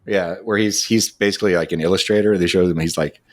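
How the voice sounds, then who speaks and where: A man co-hosting a casual podcast chat, a laid-back storyteller quick to laugh, on a close podcast mic. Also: low-pitched, steady tone, no room sound. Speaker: podcast co-host.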